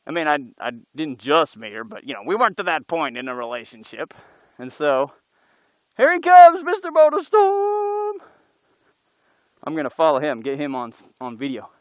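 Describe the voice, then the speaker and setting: Riding a motorcycle on a forest trail, a motovlogger rambles casually through a story, correcting himself as he goes, captured on a helmet camera. His medium-pitched voice is fast and sharp-toned. The dry, poor-quality recording carries engine and wind noise, with the motorcycle engine droning in the background.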